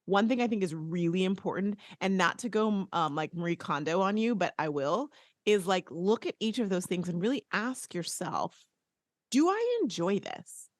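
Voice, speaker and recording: A playful, talkative woman co-hosting a podcast, with a light lilt. Her voice sits low and sounds close and dry, with no room around it. She chats loosely and slips into quoted voices along the way. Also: normal speed, dry recording. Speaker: podcast co-host. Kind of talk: casual podcast chat.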